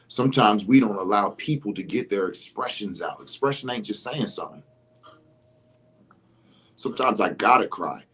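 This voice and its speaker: A man talking in a casual livestream monologue, animated and emphatic, swearing freely. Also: low voice, normal speed, slightly rough. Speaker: vlogger.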